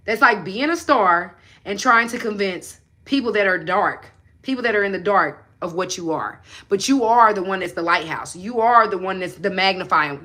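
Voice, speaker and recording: Blunt, bright-voiced woman preaching self-belief. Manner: animated, swings between loud emphasis and low asides. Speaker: manifestation coach and channel host. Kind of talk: motivational live chat answering viewers.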